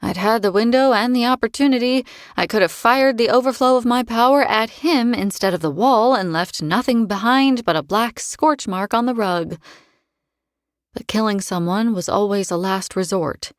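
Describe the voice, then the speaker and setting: A woman narrating a first-person fantasy audiobook in a wry, expressive way. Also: on the high side, normal speed, dry recording, clean studio sound.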